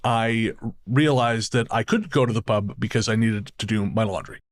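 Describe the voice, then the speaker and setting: A man's voice: fairly low pitch, moderate pace. A man from Canada co-hosting a podcast, chatting casually, telling stories with laughs and the odd swear. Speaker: podcast co-host. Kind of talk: casual chat.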